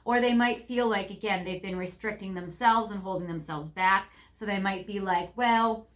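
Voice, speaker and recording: A woman's voice: medium pitch, moderate pace, fairly bright tone. A woman giving a casual tarot card reading, chatty and rambling, with lots of fillers. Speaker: tarot reader.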